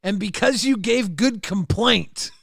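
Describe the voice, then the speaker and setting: A man's voice: high voice, a little slow, vocal fry, a bit bright, no room sound, studio quality. A male host teasing a co-host with leading questions on a casual livestream panel.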